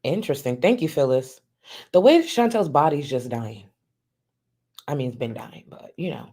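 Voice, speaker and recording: A commentator giving loose, joking live commentary in a casual chat style, often saying "you know". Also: male voice, mid-range voice, expressive, normal speed, darkish tone.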